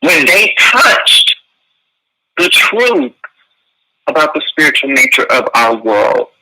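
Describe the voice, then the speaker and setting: Bright, sharp-toned man ranting. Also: on the high side, big pitch swings, slow, breathy edge, rough recording. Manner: indignant, preachy rants. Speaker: co-host. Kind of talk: sassy reaction commentary.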